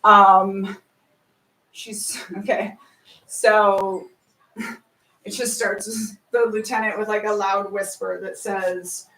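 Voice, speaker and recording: A woman pitching her musical in casual chat, breaking into sung and chanted lyrics. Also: level tone, takes it slowly, pauses often, pushed and bright, far from the mic. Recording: roomy, from off mic.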